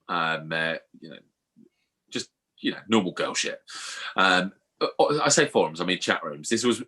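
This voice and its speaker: A man's voice: sits low, pushed and bright. A man co-hosting a podcast, telling a story in casual chat and swearing freely. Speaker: podcast co-host.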